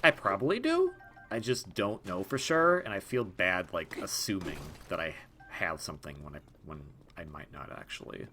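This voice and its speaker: A man's voice: deep voice, moderate pace, sharp tone, a little hiss or hum. A young man giving casual let's-play commentary, rambling and self-deprecating, with frequent restarts and laughs. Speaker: gaming video host.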